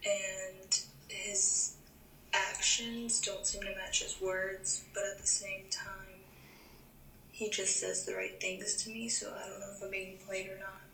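A woman leaving a voicemail, talking in a steady, unsure and confiding way as she asks for advice. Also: mid-range voice, measured pace, vocal fry. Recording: echoey voicemail with faint noise.

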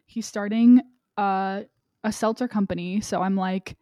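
A young woman in her twenties joins a podcast as a guest, her voice mellow and dark. She chats giggly and gushing. The sound is dry and close. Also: mid-range voice, fairly even intonation, unhurried, no room sound. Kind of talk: casual chat.

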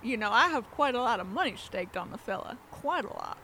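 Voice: mid-range voice, expressive, a little fast, sharp tone, slight background noise. A performer voicing a rich, domineering female mob boss in a comedy audio drama, speaking in an imperious, insulting way. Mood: impatient.

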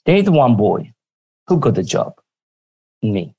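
A man telling stories from his working life in a lively, animated way, often acting out what others said. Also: medium pitch, takes it slowly, husky, dry recording. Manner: lively, acts out quoted dialogue. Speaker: guest. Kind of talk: casual storytelling.

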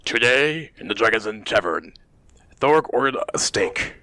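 A man voicing a simple-minded male brute, reading a journal line in a slow, plodding way. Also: fairly low pitch, animated, pushed and bright, no echo, voice pushed down.

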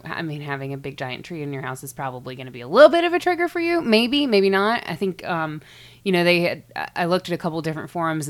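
A woman with a notably low voice co-hosts a casual podcast. She talks in a chatty, hedging way, circling back on herself as she explains what she has looked up, and laughs easily. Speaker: podcast co-host.

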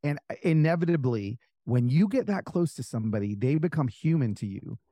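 A man telling stories in a casual interview as an author guest, animated and full of fillers, acting out the people he quotes. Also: medium pitch, brisk, no echo. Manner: animated, acts out quoted voices, many fillers.

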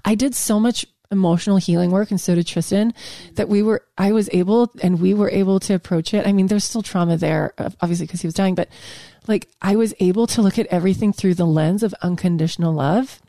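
A woman's voice: medium pitch, brisk, dark tone, no echo, studio quality. A woman talking casually and emotionally as a podcast guest, gushing and rambling with many restarts and fillers.

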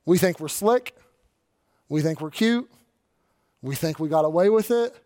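High-voiced man preaching a lively sermon. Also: unhurried. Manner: animated preaching, acting out quoted voices. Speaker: pastor.

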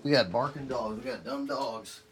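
A young man from Texas hosting a solo podcast, ranting with heavy swearing and then sinking into a tired, low murmur. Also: normal speed, background noise. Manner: profane, heated ranting that cools to a weary murmur. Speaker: podcast host.

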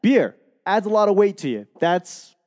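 A man's voice: high-pitched, very animated, normal speed, darkish tone, big-room sound. A man with a Boston accent rambling casually into a microphone, self-deprecating and swearing freely.

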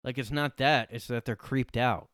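A young man rants on his solo podcast in a sarcastic, profane way. His voice sits at a middling pitch. The room sounds dry and close. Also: fairly even intonation, normal speed, a bit bright, clear, resonant tone, no echo. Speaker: podcast host. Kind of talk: solo ranting commentary.

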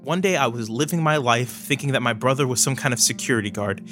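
A man's voice: mid-range voice, fast, fairly bright tone, faint music behind, natural voice. A man voicing a young woman who is angry and near tears, accusing her brother in a pleading voice. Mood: angry, tearful. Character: tearful, furious young woman, the hero's sister.

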